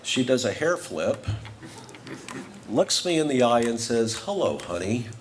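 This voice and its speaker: A man's voice: medium pitch, animated, takes it slowly, slight background noise. A man giving a humorous acceptance speech, telling a comic story with careful timing. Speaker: award honoree giving a speech.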